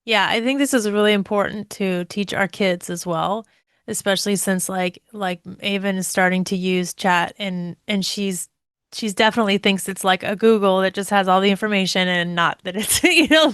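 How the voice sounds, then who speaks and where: A woman co-hosting a podcast in casual chat, talking in quick bursts with many fillers and restarts. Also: mid-range voice, fairly bright tone, clear, resonant tone, no echo, studio quality. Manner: chatty, many fillers and restarts, laughs often. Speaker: podcast co-host.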